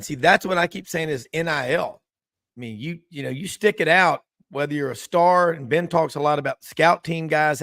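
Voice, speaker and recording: A man on a sports talk panel, speaking in a relaxed, rambling way. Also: on the high side, no room sound, studio quality.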